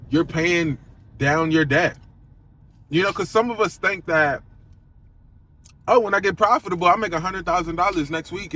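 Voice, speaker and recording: A man's voice: on the high side, fairly bright tone, a little hiss or hum. A young man talking casually to camera in a vlog, laid-back and slangy, rambling with fillers. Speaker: trading vlogger.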